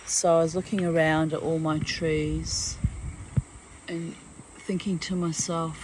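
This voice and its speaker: A woman's voice: deep voice, little pitch movement, slow pace, noisy background. A woman with a New Zealand accent, chatting casually outdoors among trees and acting out dialogue. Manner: chatty storyteller, acts out dialogue, laughs often. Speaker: vlogger. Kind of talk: casual spoken diary.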